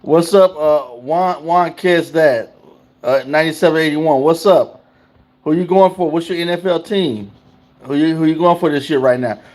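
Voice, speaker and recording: A man's voice: fairly high pitch, moderate pace, darkish tone. A man hosting a casual livestream, talking loosely and in slang straight to his chat. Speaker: livestream host.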